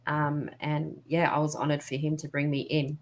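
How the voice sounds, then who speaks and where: A woman guesting on a talk show, chatty and animated when telling stories. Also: sits low, moderate pace. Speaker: guest podcaster. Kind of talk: casual chat.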